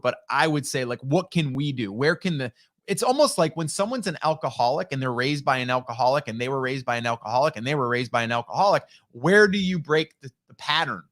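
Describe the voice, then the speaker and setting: A man's voice: mid-range voice, a bit bright. A middle-aged man hosting a casual live stream, chatting in a rambling, upbeat way and greeting viewers by name. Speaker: live stream host reading chat. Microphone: broadcast dynamic studio mic.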